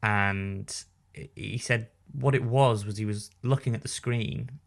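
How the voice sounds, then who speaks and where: A man co-hosting a podcast in casual chat, talking haltingly with many restarts and repeated words. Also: fairly low pitch, vocal fry. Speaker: podcast co-host, newspaper writer.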